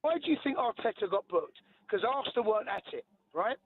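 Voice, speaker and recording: A man's voice: high-pitched, expressive, fast talker. A man calling in to a radio show who argues his point defensively and insistently, over and over asking "right?". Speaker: radio phone-in caller. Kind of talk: heated radio phone-in argument. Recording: tinny phone line with faint hiss.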